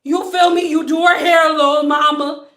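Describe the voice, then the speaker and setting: A woman voicing a brash young woman from the Bay who talks in loud street slang. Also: high-pitched, steady tone, moderate pace, roomy sound. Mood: swaggering.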